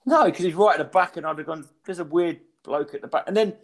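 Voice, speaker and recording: A man's voice: on the high side, quick pace. A middle-aged man, a stand-up comedian, telling stories in casual podcast chat, swearing freely and acting out voices.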